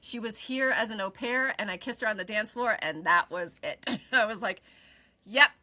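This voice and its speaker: Bright-voiced woman telling a story. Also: medium pitch, moderate pace. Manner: animated storyteller who swears and laughs often. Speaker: podcast co-host. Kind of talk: casual chat, personal storytelling.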